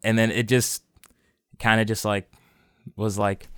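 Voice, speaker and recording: Rambling, swearing young man, smooth voice. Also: lowish voice, little pitch movement, a little slow, fairly bright tone, no room sound, clean studio sound. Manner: rambling storyteller, swears a lot, many restarts. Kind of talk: casual chat.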